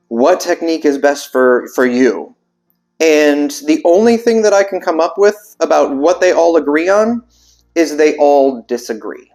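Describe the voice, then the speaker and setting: A man's voice: fairly high pitch, darkish tone. A man who is a vocal coach, explaining techniques in a loose, casual way, full of fillers and restarts as he thinks aloud.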